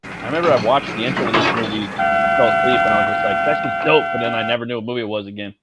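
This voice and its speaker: Fast-talking low-voiced male co-host. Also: steady tone, heavy background noise. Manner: quick, casual, filler-heavy. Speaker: podcast co-host. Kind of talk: casual film discussion.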